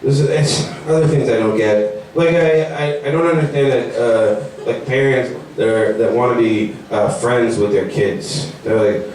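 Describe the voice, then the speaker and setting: A young man doing a stand-up comedy set. He talks in a rambling, animated way and mocks people in put-on voices. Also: mid-range voice, unhurried, slight background noise. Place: comedy venue. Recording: very echoey room, mic far off.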